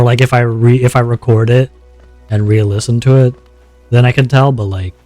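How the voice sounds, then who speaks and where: A man chats slowly and loosely while he plays, his voice at an ordinary middle pitch and a little sore in the throat. He rambles and second-guesses himself, easygoing and unhurried. Faint music plays underneath. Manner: rambling, self-conscious, talking in a relaxed low voice. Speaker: streamer. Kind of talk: casual gameplay chat.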